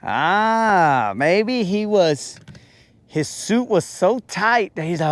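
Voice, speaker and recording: Joking, rambling fishing host. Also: male voice, sits high, expressive, slow pace. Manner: joking, rambling, calls listeners bro. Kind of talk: casual livestream rant. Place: boat on a lake, outdoors.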